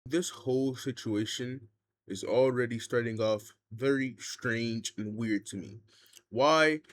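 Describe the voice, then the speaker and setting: A man gives video commentary at an unhurried, deliberate pace. He sounds incredulous and uses more words than he needs. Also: mid-range voice.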